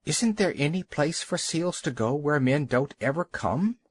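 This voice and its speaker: A man's voice: on the high side, animated, a little slow, no room sound. Young seal, eager and bold, raised voice from a male narrator, storybook, dry recording. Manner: bold and pleading.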